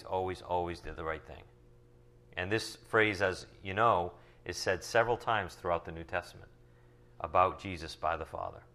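A man teaching from the Bible, reading verses slowly and then explaining them in casual asides full of rhetorical questions. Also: sits low, fairly bright tone. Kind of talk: sermon teaching from scripture.

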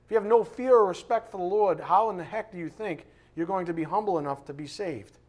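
A man preaching an informal sermon, blunt and animated, swinging between loud bursts and quiet asides and slowing down to read scripture with emphasis. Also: high voice. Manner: reads scripture slowly with emphasis.

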